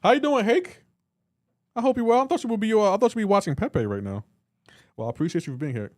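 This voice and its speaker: A man's voice: high-pitched, very animated, fast, darkish tone, no echo, studio quality. A man on a live reaction stream, teasing and bantering with his chat and laughing often. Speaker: livestreamer.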